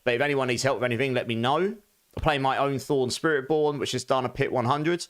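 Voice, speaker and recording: A young man hosts a live game stream from his home setup, talking casually and easily with his viewers. His voice sits at a middle pitch and sounds a little hoarse and worn. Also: brisk. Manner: relaxed, chatty, greets viewers warmly, laughs often. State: voice going hoarse.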